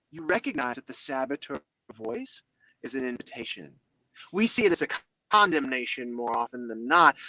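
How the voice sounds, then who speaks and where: A man's voice: a little high, no echo, rough recording. A man speaking as a guest in a motivational interview, talking expressively and acting out inner dialogues. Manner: expressive, acts out inner dialogues in other voices.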